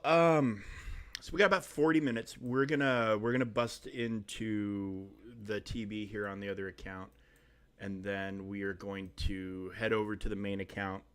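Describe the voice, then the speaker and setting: A man with a somewhat low voice hosts a casual live game stream. He rambles along, filling pauses with ums and uhs as he thinks aloud. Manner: rambling, chatty, full of fillers. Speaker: streamer host.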